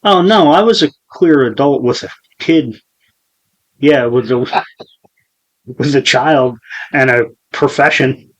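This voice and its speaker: A man in his forties hosts a casual podcast chat. His voice sits at an average pitch, and he rambles through his story with plenty of swearing and false starts. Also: slow pace, long pauses, low-quality recording. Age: 40s. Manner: profane, rambling storyteller with many restarts. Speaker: podcast host.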